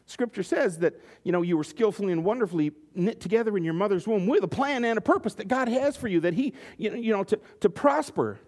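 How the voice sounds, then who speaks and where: A man's voice: high voice, darkish tone. A man preaching a sermon, reading scripture and acting out the quotes with joking asides. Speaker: pastor.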